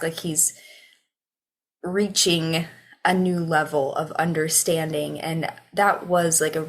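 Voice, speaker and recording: A woman co-hosting a podcast, talking things through in an unhurried, thoughtful way with frequent ums and likes. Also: lowish voice. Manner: unhurried, thoughtful, lots of fillers. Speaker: podcast co-host. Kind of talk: casual podcast discussion.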